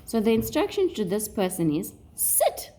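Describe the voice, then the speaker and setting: Slow, animated South African woman teacher. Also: on the low side. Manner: slow and deliberate, switching between English and Afrikaans. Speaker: Afrikaans teacher. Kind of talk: recorded lesson for learners.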